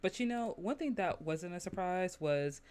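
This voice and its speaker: A woman hosting a podcast, chatting casually, laughing often and acting out quotes in lively asides. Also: fairly low pitch, moderate pace, crowd noise. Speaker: podcast host.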